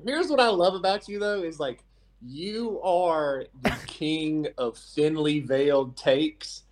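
A man guesting on a sports podcast, talking in animated casual chat with laughter and stammered restarts. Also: a little high, slow.

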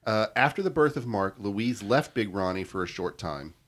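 A podcast co-host with a lowish, expressive, slightly bright voice steadily reads out a crime story at a moderate pace. The chat is casual, and he trips over difficult names.

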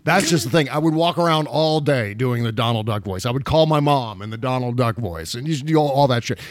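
A man's voice: medium pitch, expressive, a little fast, dry recording. A man hosting a podcast in casual chat, rambling and laughing often. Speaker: podcast host.

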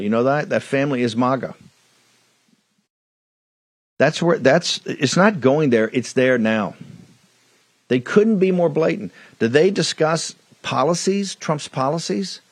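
A man's voice: mid-range voice, no room sound. A man hosting a political talk show, delivering an emphatic monologue with hammering repetition into a studio microphone.

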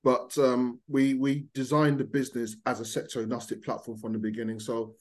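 A man from Birmingham with a mild Birmingham accent, speaking as a founder in a casual podcast interview in a measured, businesslike way. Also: mid-range voice, level tone, a little mellow. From Birmingham, England. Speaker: startup founder guest.

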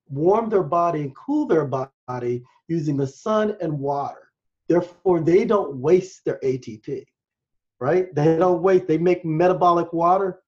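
An enthusiastic American man talks in a rambling, excited way as a podcast guest, explaining science as he goes. His voice sits a little high and sounds mellow and warm. The recording is slightly muffled and lo-fi. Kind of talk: casual interview talk.

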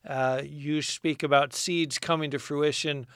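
A man's voice: fairly high pitch, steady tone, measured pace, fairly bright tone, clean tone, no room sound, studio quality. A man hosting an interview, encouraging in tone, with hesitant phrasing and fillers. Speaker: interview host. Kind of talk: conversational interview.

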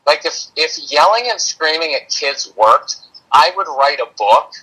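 A man's voice: fairly high pitch, animated, measured pace, pushed and bright, breathy edge, low-quality recording. A man speaking as a guest on a parenting podcast, earnest and conversational, sometimes acting out voices of parents and kids.

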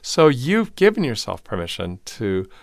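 A male professor speaking as an interview guest in a studio, with expansive, animated explanations. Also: mid-range voice, moderate pace, creaky, dry recording. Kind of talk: conversational interview.

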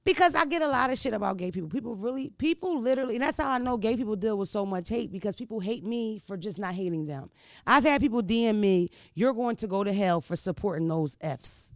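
Brash, gravelly woman. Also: medium pitch, fast talker, no echo, clean studio sound. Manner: brash, profane, animated storytelling. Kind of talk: casual storytelling chat.

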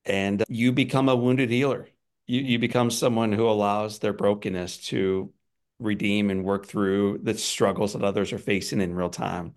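A man's voice: fairly low pitch, steady tone, normal speed. A man interviewing a guest, earnest and admiring, leading her through her story. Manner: earnest, admiring, prepared questions. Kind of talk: conversational interview.

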